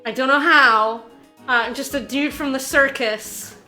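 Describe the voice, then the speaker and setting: A woman streams a video game and talks her viewers through it in a high, bright voice. She is excitable and insistent, repeats herself and laughs often. Faint game music plays behind her. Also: measured pace. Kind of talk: casual game commentary to chat.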